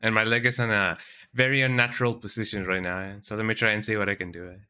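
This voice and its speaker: A man with a lowish, clear, resonant voice talks quickly while streaming a game from home, cat perched on his lap. His casual commentary to viewers is chatty and lively, peppered with a trailing "eh?".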